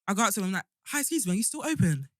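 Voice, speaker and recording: A woman's voice: mid-range voice, very fast, no echo, clean studio sound. A young woman with a London accent, co-hosting a podcast and telling stories in casual chat, acting out the voices of people she met. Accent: London English. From England. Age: young adult. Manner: animated storyteller, acts out voices. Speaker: podcast co-host.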